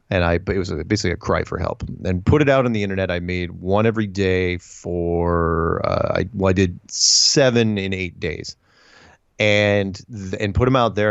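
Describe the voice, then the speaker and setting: A low-voiced man chatting as an interview guest, animated and full of restarts, slipping into quoted voices as he tells his story. His voice comes through dry and a bit dull, like lo-fi remote audio. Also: creaky, dry recording.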